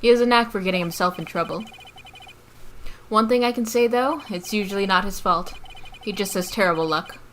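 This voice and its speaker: A woman's voice: a little fast, a bit bright, a little hiss or hum, lightly acted. A woman reading a hesitant young male rookie lawyer. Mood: earnest. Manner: hesitant, low-key storybook narration. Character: nervous young male rookie defense attorney.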